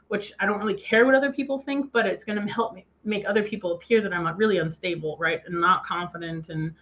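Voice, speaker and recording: A woman giving a motivational talk, telling a personal story in a chatty way and quoting herself often. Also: mid-range voice. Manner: laughs easily. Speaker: speaker.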